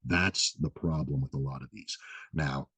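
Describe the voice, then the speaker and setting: A man's voice: very deep voice, unhurried, a bit bright, breathy edge, no echo. A man hosting a health vlog, explaining in a loose, casual way, full of fillers and repeated "right?". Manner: loose, filler-heavy, keeps asking "right?"; swears casually. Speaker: vlog host giving health advice.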